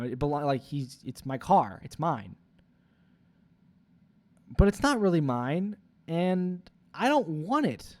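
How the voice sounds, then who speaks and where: A man's voice: medium pitch, a little mellow. A young man in his twenties, rambling through a profane, confessional vlog monologue full of "like" fillers. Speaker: vlogger.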